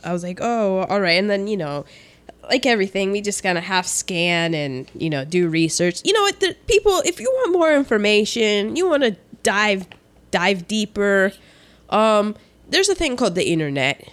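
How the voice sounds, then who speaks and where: A woman's voice: mid-range voice, very animated, normal speed. A woman co-hosting a podcast, talking in a chatty, rambling, self-mocking way. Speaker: podcast co-host. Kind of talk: casual chat.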